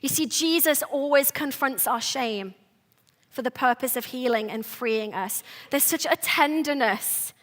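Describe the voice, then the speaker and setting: A woman with a high, sharply bright voice delivers a sermon. She sounds to be in her thirties and talks to the congregation in an earnest, conversational way, pressing her points with emphasis. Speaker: preacher. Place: church service.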